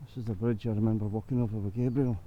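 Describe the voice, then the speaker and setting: A man's voice: on the low side, fairly even intonation, rapid-fire. A Scottish man talking casually to his camera while hiking in the rain, blunt and grumbling, a bit out of breath. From Scotland. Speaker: hiking vlogger. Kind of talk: casual walking commentary. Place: outdoors on a rainy forest trail. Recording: dull lo-fi with loud outdoor noise.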